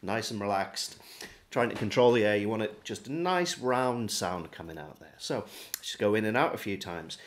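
A man giving a relaxed, step-by-step beginner harmonica lesson. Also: lowish voice, normal speed. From England. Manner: friendly, relaxed step-by-step demonstrating. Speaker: harmonica teacher. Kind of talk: casual video lesson.

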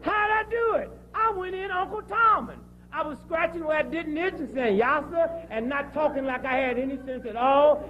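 Through lo-fi sound with a little hiss or hum, a man with a very high voice delivers a comic health lecture to a live audience. He mixes jokes and preaching with stories from his own life.

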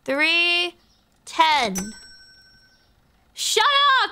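A woman's voice: sits high, takes it slowly, sharp tone. A young woman streaming a game, chatting playfully and crudely as she greets and teases the customers. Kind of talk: live game-stream commentary.

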